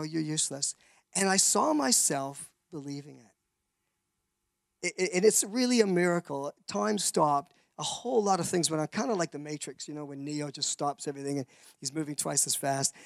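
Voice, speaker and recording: A man's voice: on the high side, vocal fry, no echo. A man from Canada, giving a rambling testimony sermon full of restarts and acted-out voices.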